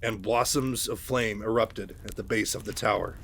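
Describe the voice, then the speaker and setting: A man's voice: lowish voice, steady tone, moderate pace, gravelly, a bit bright, slight background noise. Chatty man retelling a story casually. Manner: chatty, many fillers and asides. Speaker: channel host.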